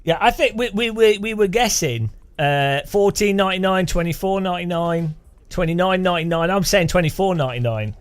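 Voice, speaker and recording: A man's voice: high voice, brisk, smooth, soft background music. A man from the UK hosting a game livestream, rambling and joking, often laughing, reading chat aloud. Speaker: game streamer.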